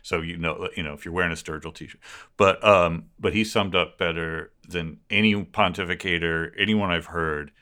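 Low-voiced man rambling in casual chat. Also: normal speed, clear, resonant tone. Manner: rambling, animated, swears freely. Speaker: podcast co-host.

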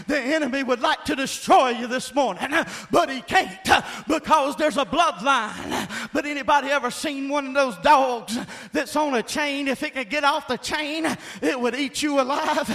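Preacher man, very high voice, bright and forceful, shouting call-and-response sermon. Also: normal speed, hardly any pauses. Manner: emphatic, call-and-response, often shouting and laughing.

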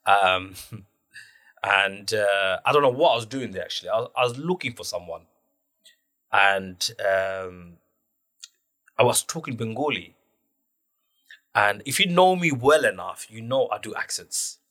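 A man's voice: fairly low pitch, unhurried, long pauses. A man telling stories animatedly in a casual podcast chat, full of slang. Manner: animated storyteller, loose slang, acts out quotes.

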